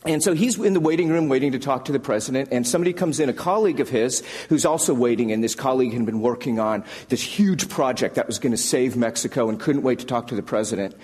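A man's voice: mid-range voice, fast, hardly any pauses, a little mellow, slightly rough, long reverb tail. A man preaching a conversational sermon, telling stories and acting out the people in them with their own voices. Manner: conversational, acts out quoted characters with voices. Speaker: pastor. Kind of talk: sermon with storytelling.

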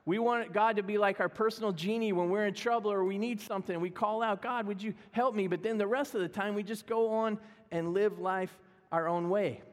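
Middle-aged man, pastor, humorous conversational sermon, high voice, long church-hall reverb. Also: steady tone, fairly quick. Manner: humorous, self-deprecating, conversational. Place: church sanctuary.

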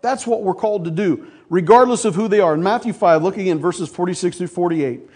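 A man's voice: high-pitched, quick pace, few pauses, a little mellow. A man preaching a sermon to his church, folksy, calling the congregation folks and asking for amens. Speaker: pastor.

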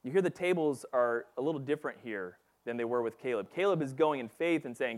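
A man's voice: mid-range voice, a little fast, few pauses. A man giving a casual, conversational Bible teaching, reading passages and talking them through with lots of fillers. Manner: casual and chatty, with frequent fillers like "like" and "you know".

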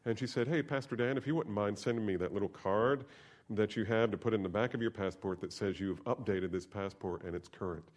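A male pastor preaching a sermon, telling a personal story and swinging from soft, hushed asides to loud, emphatic preaching. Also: fairly low pitch, fairly quick.

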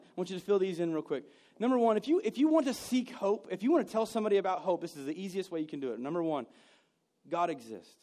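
A man preaching a sermon, telling personal stories and moving between loud bursts and hushed moments. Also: high-pitched. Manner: storytelling, swings from loud to hushed. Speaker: pastor.

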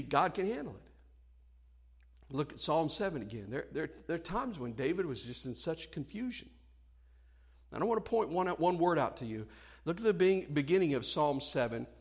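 A male preacher delivering a sermon, impassioned, swinging between hushed and loud passages and repeating words as he presses a point. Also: sits high.

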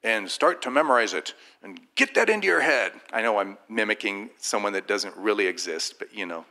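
Brief: man, bright, forceful voice, informal faith testimony, lively storyteller who mimics others. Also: lowish voice, fairly quick. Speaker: Christian speaker sharing a personal testimony.

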